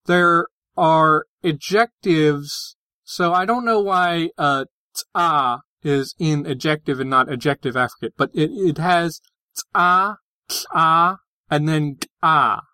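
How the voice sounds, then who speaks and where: Slow bright-voiced man hosting a podcast. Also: fairly high pitch, no room sound. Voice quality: hesitant, many fillers and restarts. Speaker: podcast co-host. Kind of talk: casual discussion of linguistics.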